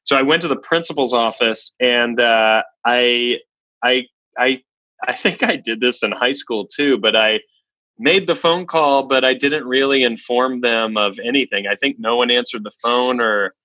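A podcast co-host chats casually, stopping and restarting as he recalls old stories. His voice is bright and tense, and the recording sounds dry and muffled. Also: mid-range voice, no echo. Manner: halting, restarts while recalling. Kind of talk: casual chat.

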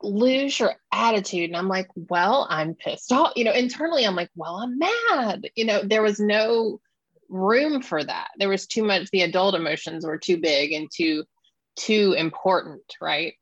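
A woman's voice: medium pitch, normal speed, no echo, muffled recording. A woman hosting an interview, talking candidly about her own childhood. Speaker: interview host. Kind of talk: interview conversation.

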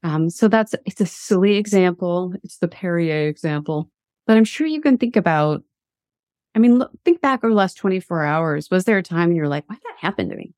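Animated woman coaching with a close, dry sound. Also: fairly low pitch, normal speed, no room sound. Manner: animated storytelling, with many restarts and asides. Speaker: coach and university teacher. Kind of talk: motivational talk.

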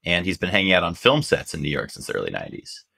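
A man's voice: deep voice, fast, vocal fry, breathy edge. A man, a journalist guest, telling a story casually and animatedly, with lots of "like". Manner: animated, acts out quotes, lots of "like".

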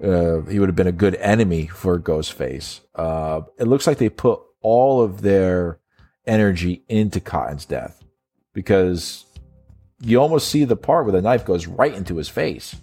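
A man's voice: sits low, expressive, measured pace, dark tone. A man co-hosting a casual film review chat, blunt and mocking, swearing freely. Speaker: podcast co-host. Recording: faint synth music behind.

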